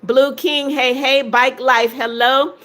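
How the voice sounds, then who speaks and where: A woman's voice: high-pitched, fairly even intonation, slow, bright, forceful tone. A woman in her seventies hosting a livestream, casually reading viewers' comments aloud and greeting them by name. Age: 70s. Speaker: livestream host.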